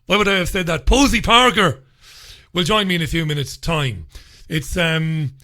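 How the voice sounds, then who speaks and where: A man's voice: a little high, normal speed, sharp tone. A man hosting a radio talk show, chatting casually and rambling with plenty of filler words into a studio microphone.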